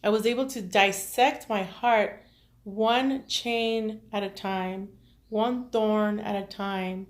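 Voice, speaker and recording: A woman with children, speaking to her viewers in an emotional, halting personal monologue as a tarot reader, tearful at times. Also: medium pitch, fairly even intonation. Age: adult with children. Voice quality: earnest, halting, with many restarts and fillers. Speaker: tarot reader and self-care vlogger.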